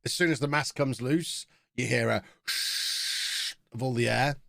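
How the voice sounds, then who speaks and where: Male streamer, thirties, mid pitch, dry close sound, loose casual chat reacting to the match. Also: brisk, vocal fry, a bit bright, dry recording. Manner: chatty, reacting to the game as it plays. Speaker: game streamer.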